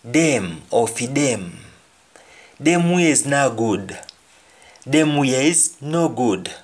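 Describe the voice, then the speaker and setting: A man with a Jamaican accent teaching a language lesson, repeating each phrase slowly and then translating it. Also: mid-range voice, animated, breathy edge. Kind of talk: slow spoken language lesson.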